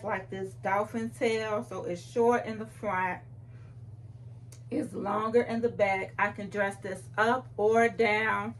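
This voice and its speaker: A woman's voice: mid-range voice, a bit bright, a little hiss or hum. A young adult woman, chatting playfully to camera about clothes, recorded on a phone at home. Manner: chatty, playful, talks straight to viewers. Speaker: fashion vlogger. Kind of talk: casual chat to camera.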